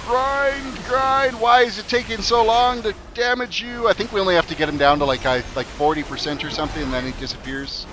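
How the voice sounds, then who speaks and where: A man's voice: sits high, steady tone, a little fast, few pauses, background noise. A man streaming a video game, chatting and joking casually with his viewers as he plays. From Canada. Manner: chatty and joking, reads chat aloud. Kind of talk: casual commentary while playing.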